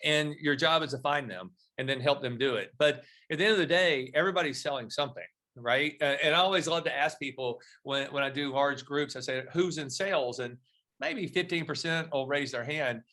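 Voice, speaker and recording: A middle-aged man speaks as a guest on a podcast interview, his voice bright and forward and sitting a little high. He tells his stories with energy and slips into the other people's voices when he quotes them. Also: brisk. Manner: storytelling, animated when acting out dialogue.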